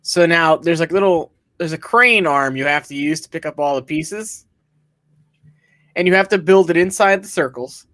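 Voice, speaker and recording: A man's voice: a little high, normal speed, a bit bright, no room sound, studio quality. A man co-hosting a casual chat, explaining a board game and reading its box text aloud. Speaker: co-host.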